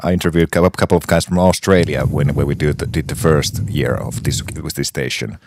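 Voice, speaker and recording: A man hosting a casual radio interview, halting and self-correcting as he talks and laughing often. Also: extremely low pitch, fairly even intonation, a little mellow, slight background noise. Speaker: radio host.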